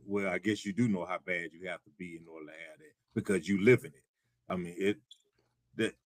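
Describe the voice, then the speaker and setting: Man, very deep voice, dry close sound, live sports co-host, wry exasperated ranting. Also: no room sound. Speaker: show co-host. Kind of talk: casual sports talk on a live show.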